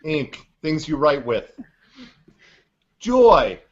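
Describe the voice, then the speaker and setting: A man puts on a mock-theatrical celebrity impression. The voice sits a touch high and swings widely in pitch. Each word is drawn out with odd pauses, and the audio is dull and lo-fi. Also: sing-song, slight background noise, full character voice. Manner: slow, oddly paused, teasing delivery.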